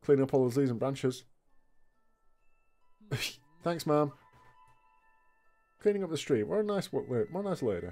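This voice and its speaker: A man's voice: mid-range voice, sing-song, measured pace, long pauses, dark tone, faint music behind. Laid-back man joking through gameplay. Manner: laughing often, swearing, joking asides. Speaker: let's play host. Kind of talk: gameplay commentary.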